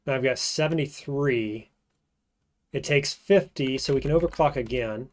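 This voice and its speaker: Speaking at a moderate pace in a mid-range voice, a man plays a roguelike on stream, casually reasoning through the game and often letting his words dwindle into murmurs.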